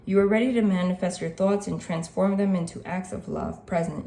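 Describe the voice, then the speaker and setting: A woman's voice: on the low side, steady tone, fairly quick, hardly any pauses, warm tone. A woman reading tarot cards to her viewers in an earnest, chatty way, repeating the card meanings and often saying "like" and "okay". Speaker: tarot reader. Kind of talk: casual spiritual reading.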